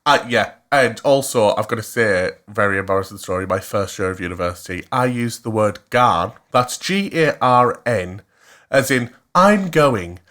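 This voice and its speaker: Flamboyant young Cumbrian man telling a story. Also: normal speed. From West Cumbria, England. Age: 20s. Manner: animated, flamboyant, jumps into high-pitched quoted voices; laughs often. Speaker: podcast co-host. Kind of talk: casual chat, storytelling.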